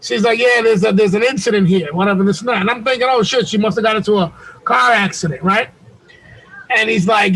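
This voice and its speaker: Middle-aged man, very high voice, loose slangy storyteller with lots of swearing, heard over a video call. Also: brisk, low-quality recording. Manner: animated, profane, slangy storyteller. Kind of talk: casual storytelling on a group call.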